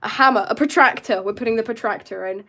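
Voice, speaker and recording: A woman's voice: on the high side, quick pace, pushed and bright. A young woman chatting through a live drawing tutorial, rambling and joking with her chat. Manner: chatty, self-mocking asides to chat. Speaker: art streamer.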